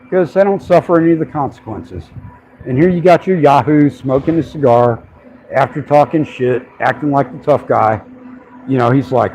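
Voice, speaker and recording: A man's voice: medium pitch, normal speed, darkish tone, a little hiss or hum, low-quality recording. A man ranting on a casual livestream from a city sidewalk, irritated and swearing freely as he films. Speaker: street filmer livestreaming.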